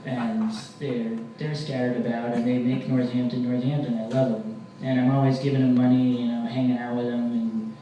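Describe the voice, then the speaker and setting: A young man doing a stand-up comedy set, telling rambling deadpan stories with mock-angry rants. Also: medium pitch, normal speed, few pauses, muffled recording. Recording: very echoey room, distant mic, faint hiss.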